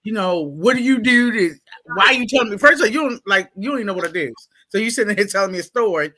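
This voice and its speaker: Baltimore woman, animated storyteller with a bright voice, who mimics people as she talks. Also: mid-range voice, quick pace. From Baltimore, USA. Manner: animated, laughing, acts out quotes in exaggerated voices. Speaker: guest, school staff. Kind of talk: casual storytelling interview.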